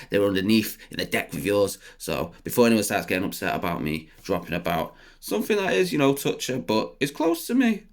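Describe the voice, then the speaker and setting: A young man doing sit-down comedy, rambling and swearing, laughing at his own jokes and bursting into loud high outbursts. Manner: rambling, swearing, many fillers.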